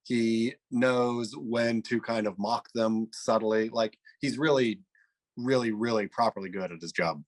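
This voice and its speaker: A man's voice: on the low side, unhurried. A man co-hosting a podcast, chatting casually in a rambling, enthusiastic way. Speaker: podcast co-host. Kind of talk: casual chat.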